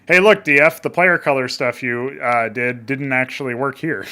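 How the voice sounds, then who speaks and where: A man's voice: mid-range voice, moderate pace, pushed and bright, smooth. A man giving casual, chatty let's-play commentary in a sardonic tone, swearing often. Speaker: gaming commentator.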